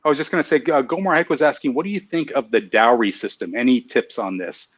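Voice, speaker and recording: A man's voice: mid-range voice, fast talker, dull audio. A man hosting a live online show, chatting casually, laughing at himself and reading out viewer comments. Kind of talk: casual live-stream chat.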